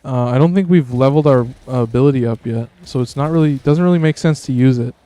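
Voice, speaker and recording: Male streamer, laid-back game commentary, smooth voice, dry close mic. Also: mid-range voice, fast, mellow, no room sound. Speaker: streamer host. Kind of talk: gameplay commentary.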